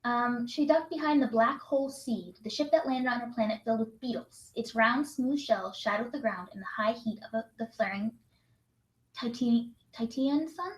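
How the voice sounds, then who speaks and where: A young woman co-hosting a virtual writing session in casual chat, reading prompts aloud and laughing often. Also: fairly high pitch. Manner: bubbly, quick to laugh, reads prompts aloud. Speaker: write-in co-host. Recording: roomy echo.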